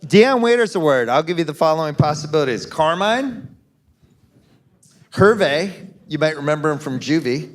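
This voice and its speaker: A man's voice: on the high side, animated, moderate pace. A man hosting a live podcast panel on stage, chatting casually, handing out mock awards and calling on his guests. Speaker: podcast host. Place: live stage in a concert venue.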